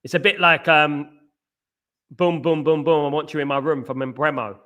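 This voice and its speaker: A man's voice: on the high side, steady tone, normal speed, pushed and bright. A man hosting a live football watchalong stream. He chats casually with viewers and keeps singing playful chant parodies.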